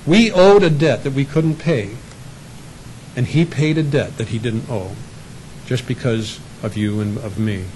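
A man's voice: mid-range voice, measured pace, darkish tone, a little hiss or hum, poor audio. Man preaching a conversational sermon. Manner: conversational preaching with acted asides. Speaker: pastor.

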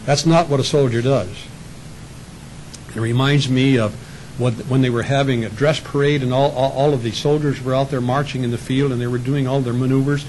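A man's voice: mid-range voice, steady tone, a little fast, darkish tone, slight background noise, rough recording. A man preaching a sermon in a conversational way, sometimes acting out little voices for the people in his stories. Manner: conversational preaching with acted asides. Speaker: pastor.

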